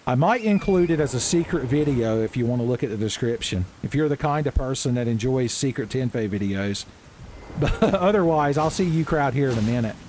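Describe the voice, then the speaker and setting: A young man giving casual, joking let's-play commentary, with swearing and animated asides. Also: medium pitch, brisk, a little hiss or hum. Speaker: gaming channel host.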